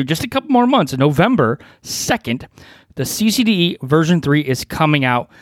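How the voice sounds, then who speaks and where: A man's voice: a little high, no room sound, clean studio sound. A man in his forties teaching network design in a podcast-style talk, emphatic, repeating key phrases and asking rhetorical questions.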